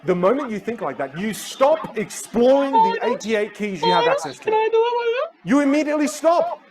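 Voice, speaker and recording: Speaking at a moderate pace in a high-pitched voice, this communication coach and public speaker, a native Teochew speaker, gives a keynote talk. He brings his stories to life by acting out voices, while a loud live crowd and noise fill the recording.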